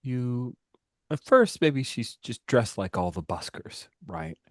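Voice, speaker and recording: A man's voice: medium pitch, very animated, slow pace, no echo. A man running a tabletop game as game master, narrating a scene loosely, with some whispered asides.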